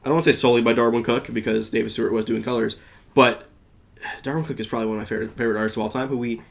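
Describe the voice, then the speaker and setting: A man's voice: medium pitch, little pitch movement, very fast, creaky. A man hosting a casual comics podcast, talking in an enthusiastic, rambling way with many restarts. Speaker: podcast host. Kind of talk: casual chat.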